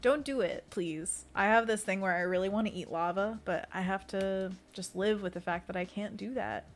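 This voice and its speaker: A woman's voice: mid-range voice, steady tone, normal speed. A woman illustrator on a casual livestream, talking while she draws, reading chat aloud and making little sound effects. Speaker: illustrator streaming a sketching session.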